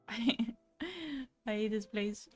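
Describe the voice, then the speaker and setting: A woman's voice: mid-range voice, little pitch movement, extremely slow, soft background music. Laughing, language-hopping woman streamer. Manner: laughs often, swears casually, switches between languages. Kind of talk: casual live-stream chat.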